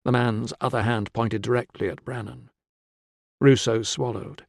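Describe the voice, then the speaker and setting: A man reading an audiobook in a measured, steady scripted narration. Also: mid-range voice, creaky, no room sound, studio quality.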